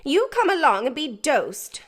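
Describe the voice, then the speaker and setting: A woman voicing a sharp-tongued, bullying older sister who snaps and scolds in an audiobook. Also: high voice, huge pitch swings, normal speed, pitched above the performer's own voice, full character voice. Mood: scolding.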